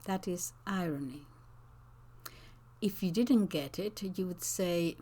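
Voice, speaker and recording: Lady teacher chatting to her viewers, low voice, really slow, lots of ums and restarts. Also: dark tone. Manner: slow, thoughtful, with hesitations and restarts. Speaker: language teacher and channel host. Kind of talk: unscripted talk to camera answering comments.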